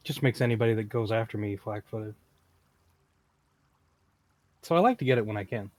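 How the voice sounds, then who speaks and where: A man's voice: lowish voice, moderate pace, slight background noise. A man playing a tabletop game, chatting casually with joking, easygoing remarks and hesitant fillers. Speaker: player.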